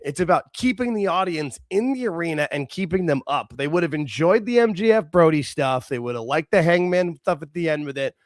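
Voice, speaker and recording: A man co-hosting a casual wrestling talk show, excitable, talking in quick bursts with laughs and restarts. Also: fairly high pitch, no room sound, clean studio sound. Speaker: podcast co-host.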